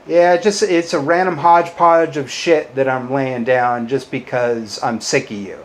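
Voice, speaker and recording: Combative male YouTuber, mid-range voice, resentful rant, loud jumps and muttered low insults. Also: fairly even intonation, unhurried. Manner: bitter, combative, swears a lot. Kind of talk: ranting to-camera monologue.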